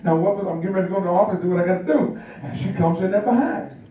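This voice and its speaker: A male pastor preaching a lively storytelling sermon, calling out to his congregation. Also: high-pitched, rapid-fire. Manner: animated storytelling, calls out to the congregation. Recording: echoey church hall, mic far off.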